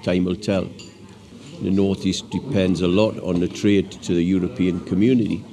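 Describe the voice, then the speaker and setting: A man's voice: deep voice, flat delivery, normal speed, a crowd in the background. A man in his seventies, a pensioner, gives plainspoken opinions in a street interview outdoors on a hill pass. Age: 70s.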